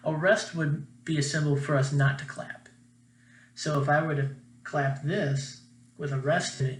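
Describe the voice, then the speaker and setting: A man's voice: on the high side, fairly bright tone, echoey room, slight background noise. A man teaching a children's music lesson in a friendly, upbeat way, chanting rhythm syllables.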